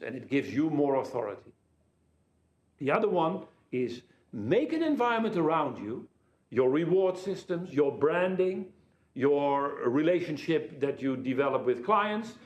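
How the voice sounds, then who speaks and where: A man's voice: fairly high pitch, a little mellow, reverberant. A jet-lagged man giving a conference keynote over a telepresence link, telling anecdotes and jokes. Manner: anecdotal, joking storyteller. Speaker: keynote speaker.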